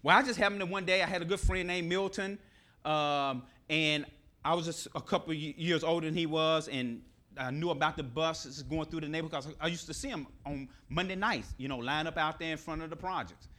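Man, middle-aged preacher, high voice, bright tone, sermon, repeats phrases for emphasis. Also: a little fast. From Nashville, Tennessee. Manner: animated preaching, acts out scripture dialogue, repeats key phrases.

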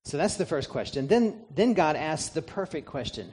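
A man's voice: a little high, sing-song, moderate pace, a little mellow, husky. Man preaching with rhetorical questions. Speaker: pastor. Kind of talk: sermon.

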